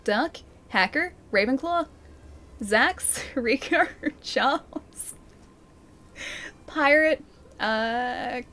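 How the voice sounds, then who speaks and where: A woman's voice: sits high, very slow, pauses often, a bit bright. Chatty Australian woman streaming a game. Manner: chatty, reads out and thanks chat, many fillers. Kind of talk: casual live-stream chat while gaming. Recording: game music playing behind.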